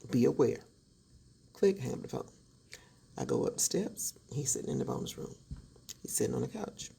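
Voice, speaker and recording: A woman's voice: very deep voice, animated, fairly quick, gravelly, dark tone, slightly rough. A woman telling a true story in a dramatic, sassy storytime style, acting out each voice. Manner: dramatic, sassy, acts out every voice. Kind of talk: animated storytime.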